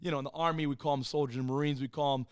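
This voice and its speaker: A man in his thirties talks fast in a smooth, clear voice that sounds close and dry. He is a podcast guest telling his own story in a casual, profane way. He acts out the voices of the people he quotes. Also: mid-range voice, steady tone, no room sound. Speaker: podcast guest, former Marine and police officer.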